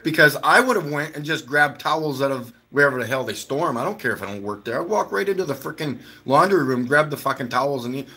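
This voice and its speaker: Male stream host, relaxed home chat, bright tone, loose storyteller who swears. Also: medium pitch, quick pace, few pauses, husky. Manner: chatty, swears freely, laughs while telling stories. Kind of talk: casual rambling storytelling.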